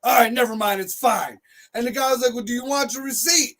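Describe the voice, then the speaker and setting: A man telling a profane comic story on a talk show, loud and animated, acting out what others said. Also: extremely high pitch, fast talker. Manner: animated, loud, swears heavily, acts out quotes.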